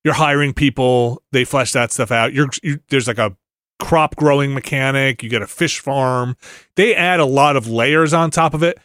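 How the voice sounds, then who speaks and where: A man's voice: medium pitch, moderate pace, a bit bright, clean tone, no echo, studio quality. A middle-aged man co-hosting a podcast, chatting casually about video games and rambling through restarts and fillers. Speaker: podcast co-host.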